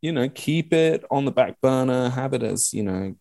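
A man in his thirties, a guest telling stories in a casual, animated way, swearing and using lots of fillers. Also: mid-range voice, moderate pace, vocal fry, no echo. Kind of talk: casual conversational storytelling.

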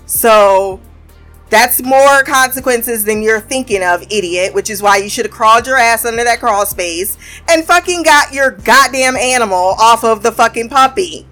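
A woman with a fairly high voice recaps a TV episode in loose, casual chat. She swears freely and keeps breaking into laughter. Faint music plays behind her. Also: normal speed. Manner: profane, animated, laughs often. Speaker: show reviewer.

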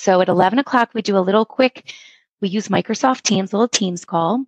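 A woman instructional coach telling stories in an earnest, animated way as a podcast guest. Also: mid-range voice, fairly quick, slightly rough, no echo, low-quality recording. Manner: earnest, animated storytelling with acted quotes. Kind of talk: podcast interview storytelling.

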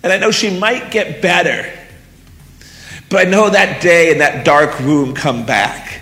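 A man telling a personal story live on stage, intense and halting, with emotional pauses. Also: on the high side, bright, forceful tone, big-room sound, faint music behind.

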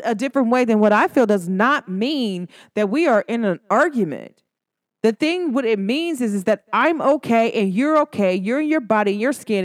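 A woman with a fairly high voice hosts her podcast in a loose, emphatic monologue. She talks directly to listeners, leaning on slang and quick asides. The sound is dry and close, with little room around it. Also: no echo. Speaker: podcast host. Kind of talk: casual solo podcast monologue.

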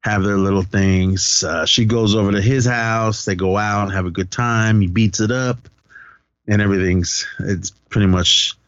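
Man, podcast co-host, casual retelling, lowish voice, dry dull recording. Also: normal speed, no room sound. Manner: animated retelling, acting out lines in a raised voice. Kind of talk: casual movie recap chat.

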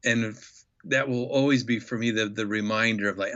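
A man's voice: fairly low pitch, steady tone, moderate pace, fairly bright tone. A man recounting a travel memory as an interview guest, thoughtful and enthusiastic, with lots of fillers and restarts. The audio is a little dull and lo-fi. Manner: enthusiastic, reflective storyteller with many fillers. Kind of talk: storytelling in a podcast interview.

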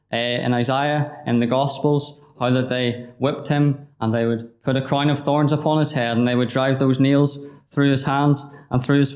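A man's voice: medium pitch, darkish tone. A man preaching a gospel sermon, earnest and pleading, speaking directly to the listener as "my friend". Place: gospel hall. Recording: roomy hall echo.

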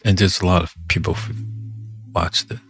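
A man's voice: low-pitched, flat delivery, normal speed, fairly bright tone, slightly rough, soft background music. A man talking casually in a meandering monologue, breaking off and humming filler tunes. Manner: meandering, self-interrupting, hums filler tunes.

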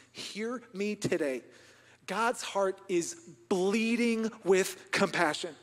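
A man's voice: high voice, takes it slowly. Impassioned man preaching in an echoing hall. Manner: impassioned, swings from hushed to loud. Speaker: pastor. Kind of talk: sermon. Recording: long reverb of a large hall.

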